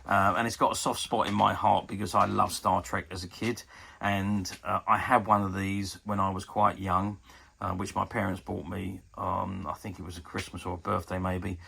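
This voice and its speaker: A man in his fifties gives a chatty but hesitant show-and-tell review of a collectable toy book, often pausing with ums. His deep voice is flat, creaky, husky, and pushed, with a bright edge.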